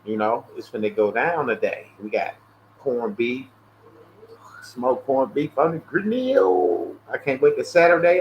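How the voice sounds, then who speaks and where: A man's voice: mid-range voice, muffled recording, a little hiss or hum. A man hosting a casual livestream and chatting loosely with lots of profanity. He tells stories animatedly. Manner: mimics callers in a raised voice. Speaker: livestream host. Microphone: earpiece headset.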